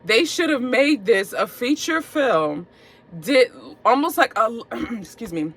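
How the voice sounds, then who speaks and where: Bright, chatty woman reviewing movies. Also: medium pitch. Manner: animated and playful, drawn-out emphasis.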